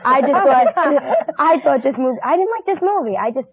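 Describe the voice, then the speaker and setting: A woman with a somewhat high voice stresses and repeats her opinion about a film, laughing between words. The audio is thin and lo-fi, like a 1980s TV broadcast. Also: expressive, normal speed. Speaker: movie reviewer. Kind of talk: casual movie review chat.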